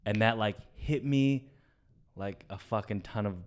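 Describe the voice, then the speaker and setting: Low, smooth-voiced man telling a story. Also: unhurried. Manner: storytelling, frequent swearing, trails off softly. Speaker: podcast co-host. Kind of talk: casual chat.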